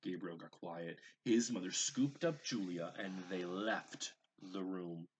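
A man teacher reading a picture book aloud to young children, gentle and expressive, adding asides about the pictures. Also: low-pitched, takes it slowly, a little hiss or hum. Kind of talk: read-aloud storytelling.

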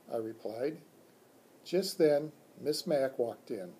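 A man from a school reading a children's book aloud in a calm, measured storytelling manner. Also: medium pitch, husky. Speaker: school staff reader.

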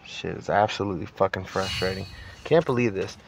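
A man's voice: sits low, a little fast, vocal fry. A man giving frustrated, swearing commentary while playing a racing game, with noisy game sound behind his voice. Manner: swearing, exasperated, grumbling. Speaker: gaming channel host.

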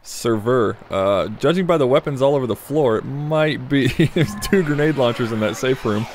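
A man's voice: mid-range voice, moderate pace, slight background noise. A man hosting a gameplay video, chatting casually, laughing often and muttering at other players.

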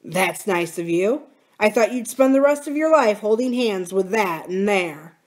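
A woman reading aloud and voicing a tired, suspicious young farmer who talks bluntly and loudly. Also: mid-range voice, animated, a little slow, lightly acted.

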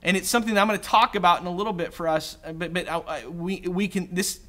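Bright, high-voiced male pastor preaching. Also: fairly even intonation, fast. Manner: conversational, self-deprecating, voices quoted characters. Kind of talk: sermon. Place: church.

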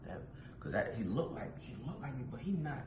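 A man's voice: mid-range voice, very animated, fairly quick, noisy background. Swearing, boastful man in a sketch. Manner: boastful then flustered, swearing. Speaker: comedy skit performer. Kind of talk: comedy skit. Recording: echoey room.

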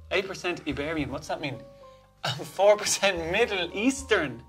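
A man's voice: fairly high pitch, expressive, moderate pace, fairly bright tone, husky, faint music behind. A young man from Ireland with an Irish accent, casually reacting on camera and cracking playful jokes. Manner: joking, playful asides. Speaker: contributor taking a test.

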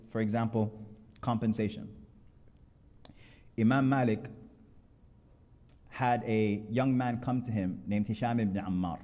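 A man's voice: mid-range voice, warm tone. A man preaching a Friday sermon, telling stories with quoted dialogue in an earnest way. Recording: long hall reverb.

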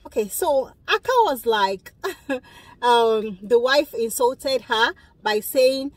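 A young woman talks straight to her viewers, emphatic and animated as she reacts to a video. Her voice sits high, and the recording is dry with no room echo. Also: slow. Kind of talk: casual opinionated commentary.

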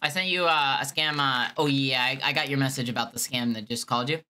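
A man's voice: medium pitch, fairly even intonation, quick pace, sharp tone. A man streaming live, sarcastically stringing along a scam caller and joking with his viewers. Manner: sarcastic, exasperated and mocking. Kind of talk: live-stream phone prank commentary.

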